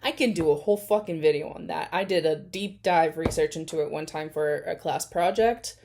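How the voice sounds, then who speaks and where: A woman's voice: sits low, moderate pace, darkish tone, a little hiss or hum. A young adult woman hosting a reaction video, reading messages aloud and commenting bluntly, with plenty of swearing. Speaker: reaction channel host. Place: at home by an open door near a main road.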